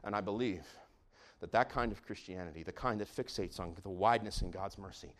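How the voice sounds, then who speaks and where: A man preaching a sermon with great passion, moving between hushed, intimate lines and loud shouts. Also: on the low side, a little fast. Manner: impassioned, swings from hushed to shouting. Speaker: pastor.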